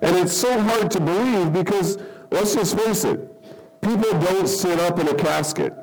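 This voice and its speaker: A man preaching a sermon in a conversational, animated way, often checking in with "okay?" and acting out people's reactions. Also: high voice, poor audio. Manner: says "okay?" often to the congregation. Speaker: pastor.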